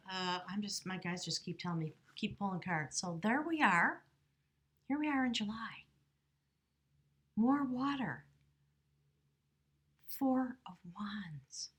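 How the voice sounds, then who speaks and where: A woman giving a channeled tarot reading to the camera, speaking slowly and earnestly, often dropping into a whisper. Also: on the low side, slightly rough. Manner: soft, slow, drifting into whispers; earnest, spiritual. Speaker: tarot reader.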